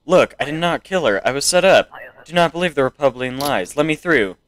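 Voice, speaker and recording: A man's voice: a little high, lively intonation, fairly quick, no echo, voice pushed up, close to an everyday voice. A man voicing a wanted male fugitive who insists he is innocent, in a video game. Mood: desperate. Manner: pleading, insistent.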